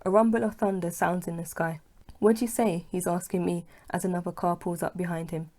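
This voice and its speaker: A woman reading her own novel aloud, telling it unhurried in the first person. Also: on the low side, level tone, a little mellow. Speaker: author and narrator. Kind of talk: audiobook reading.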